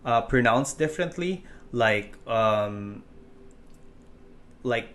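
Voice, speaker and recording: A man with a Filipino English accent and a lowish, fairly bright voice speaks slowly while teaching an online course. His tutorial explanation is casual and loose, full of fillers and restarts.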